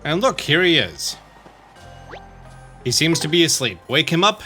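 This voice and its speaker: A man with a bright, slightly high voice narrates a game walkthrough in a chatty, easygoing way. He reads the characters' dialogue aloud in his normal voice as he plays, with faint game music underneath. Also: big pitch swings, a little slow. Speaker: let's play host.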